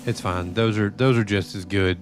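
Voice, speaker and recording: A man's voice: on the low side, steady tone, normal speed, over music. A man chatting casually with viewers during a live game stream, loose and profane, often rambling. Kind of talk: casual live-stream chat while gaming.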